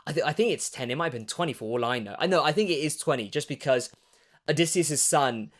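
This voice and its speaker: A man's voice: on the high side, quick pace, a bit bright. A man hosting his own channel, chatting in a rambling way with wry asides. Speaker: vlog host. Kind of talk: casual monologue.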